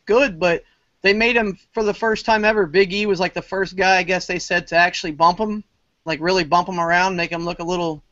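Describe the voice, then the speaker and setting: Man co-host, higher voice, rambles with lots of "like"; dry muffled sound. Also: fairly even intonation, fairly bright tone, no room sound. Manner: rambling, filler-heavy, quick retelling. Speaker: wrestling show co-host. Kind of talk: casual podcast chat. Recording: dry, dull lo-fi podcast audio.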